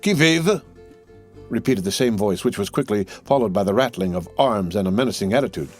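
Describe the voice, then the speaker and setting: A man reading a classic adventure novel aloud as an audiobook narrator, in a measured storytelling manner. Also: fairly low pitch, darkish tone, breathy edge, soft background music. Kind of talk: scripted narration.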